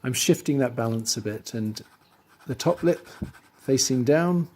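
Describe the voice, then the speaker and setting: A man teaching drawing, talking through his steps as he works and trailing off quietly into asides. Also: mid-range voice, animated, a little slow. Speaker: art teacher. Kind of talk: drawing tutorial voice-over.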